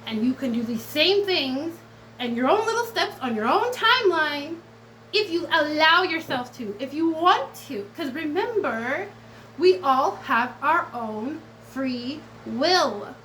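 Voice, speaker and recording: A woman's voice: sits high, expressive, a little slow, a bit bright, a little hiss or hum, low-quality recording. A woman tarot reader talking straight to her viewers in a casual vlog, blunt and profane, swinging between defiance and tenderness and close to tears at times.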